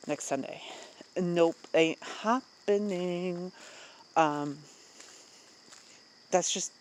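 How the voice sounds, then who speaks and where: Adult vlogger, casual rant, mid-pitched voice, rambling, lots of ums, laughs between thoughts, faint cricket noise behind. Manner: rambling and candid, many fillers and self-interruptions, frequent laughs. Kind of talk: casual personal vent to camera.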